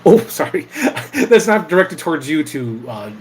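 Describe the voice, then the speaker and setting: A young man hosting an impromptu livestream, chatting casually, swearing freely and bursting into loud yells. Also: on the high side, big pitch swings, normal speed, rough recording. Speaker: livestream host.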